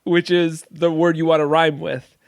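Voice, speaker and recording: A man's voice: on the high side, little pitch movement, gravelly, crowd noise. An American man hosting a podcast, curious and giggly, asking questions in casual chat. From United States. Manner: giggly, curious, quick to laugh. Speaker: podcast host.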